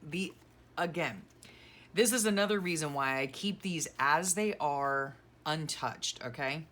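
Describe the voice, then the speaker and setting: While decluttering, a middle-aged woman vlogger chats casually about her craft keepsakes, sentimental, gushing, and rambling. She has a low-pitched voice with a fairly bright tone, and there's slight background noise.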